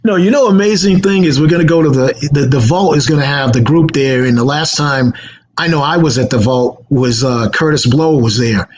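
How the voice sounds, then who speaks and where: Animated storytelling man. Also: on the high side, moderate pace, a little hiss or hum, low-quality recording. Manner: animated anecdotes with acted quotes. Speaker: radio guest. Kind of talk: casual storytelling.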